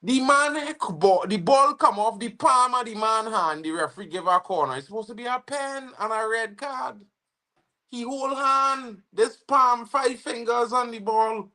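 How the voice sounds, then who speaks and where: A young Trinidadian man hosting a football watch-along livestream, slangy and excitable, bursting into shouts when his team scores. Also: extremely high pitch. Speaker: football fan livestream host. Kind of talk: live match watch-along commentary.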